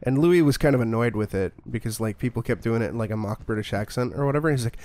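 A man's voice: mid-range voice, fast, few pauses, darkish tone, no room sound. A man streaming a horror game, chatting casually in a rambling, joking and profane way. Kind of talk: casual gaming commentary.

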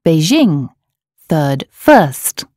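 A woman narrating a scripted language course, explaining words and tones in a clear, measured way. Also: sits low, sing-song, darkish tone, dry recording. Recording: dry studio voice-over.

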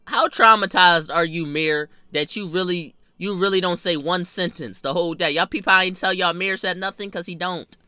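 A young man telling a funny personal story in a storytime vlog, animated and profane with sudden jumps in pitch and loudness. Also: moderate pace, hardly any pauses, clear, resonant tone, dry recording. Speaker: vlogger.

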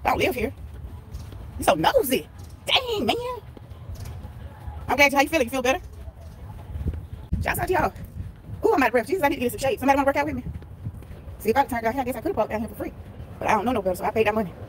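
Female vlogger, high voice, chatty and playful, phone audio outdoors with crowd noise behind her. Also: lively intonation, fast, long pauses. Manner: talkative, playful, repeats herself, greets viewers by name. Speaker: vlogger streaming live. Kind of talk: chatty live-stream vlog, reading out chat comments. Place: outdoors at a busy tailgate. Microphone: phone held while walking.

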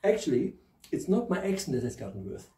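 A man's voice: on the high side, very animated, brisk, mellow, echoey room, recorded from a distance, poor audio. A man with a German accent and a slight lisp from new dentures, hosting a chatty, jokey tarot reading. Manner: chatty, jokey, laughs at himself. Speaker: tarot reader and host. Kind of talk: casual spoken tarot reading.

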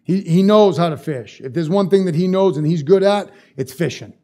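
A man's voice: high-pitched, moderate pace, warm tone. A male pastor preaching a sermon in a casual, conversational way, repeating phrases for emphasis.

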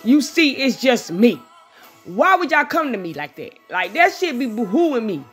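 A woman's voice: on the high side, moderate pace, soft background music. Blunt, profane woman ranting to viewers. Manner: animated, blunt and profane, talks straight to her audience. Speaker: vlogger doing a live tarot reading.

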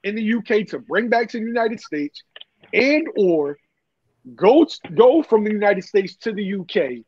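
A man's voice: sits high, very animated, moderate pace, darkish tone, no echo. A man arguing heatedly on a podcast panel, stuttering and swearing as he makes his points. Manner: agitated, stuttering, profane. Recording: dull lo-fi audio.

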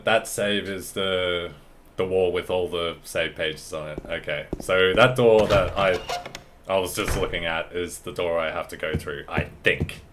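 A man with a low voice talks his way through a horror game playthrough. His commentary is casual and chatty, thinking out loud as he goes. A faint hiss sits behind him. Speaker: gaming channel host. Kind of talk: let's play commentary.

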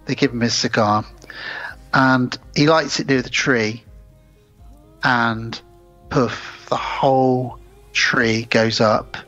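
Guy on a podcast, excitedly acting out movie scenes, slightly dull sound, faint music under it. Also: mid-range voice, slow, pauses often. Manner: animated retelling, acts out characters' lines. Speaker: podcast co-host. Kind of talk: casual film recap chat.

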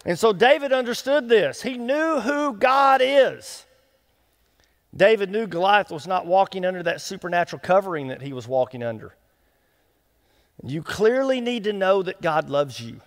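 High-voiced man preaching in a reverberant church. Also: moderate pace. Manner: lively storytelling preacher, acts out quotes, folksy asides. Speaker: associate pastor. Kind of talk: sermon. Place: church sanctuary. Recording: long reverb of a church hall.

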